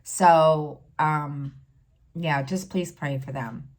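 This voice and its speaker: A middle-aged woman talking in a casual personal vlog, halting and full of fillers, close to tears. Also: deep voice. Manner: halting, many fillers and restarts. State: tearful, near crying. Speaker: stitching vlogger.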